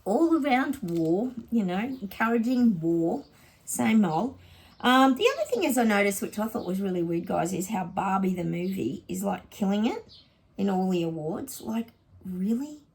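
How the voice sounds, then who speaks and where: A woman's voice: mid-range voice, lively intonation, moderate pace, vocal fry, a little mellow, breathy edge. An Australian woman psychic chatting casually to her viewers in a rambling vlog reading.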